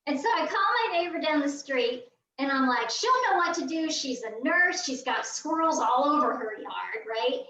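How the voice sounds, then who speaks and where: A woman, a guest on a video call, telling a funny story in a lively way and acting out the voices. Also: high voice, moderate pace, hardly any pauses, a little hiss or hum. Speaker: guest quilter. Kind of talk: animated storytelling. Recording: roomy, distant, dull video call audio.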